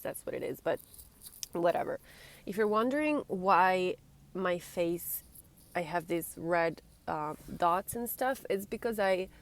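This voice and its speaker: A young woman from Italy rambling anxiously in a casual vlog, teary-eyed and often breaking off mid-sentence. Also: on the low side. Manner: rambling, self-interrupting, anxious. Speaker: vlogger.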